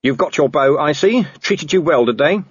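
Man doing furious watch commander, clipped, threatening, lively delivery, dull dry audio. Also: a little high, normal speed, slightly rough, no room sound, pitched above the performer's own voice. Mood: cold. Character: furious middle-aged man, hard-bitten watch commander.

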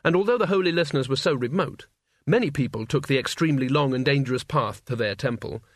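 A man narrating an audiobook in a measured, dry storytelling manner. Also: medium pitch, expressive, no room sound. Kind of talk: scripted narration.

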